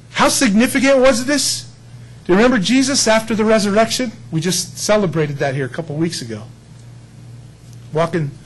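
A man preaching a sermon in a folksy, animated way, building up to emphatic peaks. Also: a little high, slight background noise, low-quality recording. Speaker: pastor.

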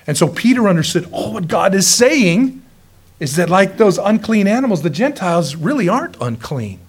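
Guy preaching, high voice, folksy and jokey, tells stories lively. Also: normal speed, husky. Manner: folksy, joking, chuckles often; lively storytelling. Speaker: pastor. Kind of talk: sermon.

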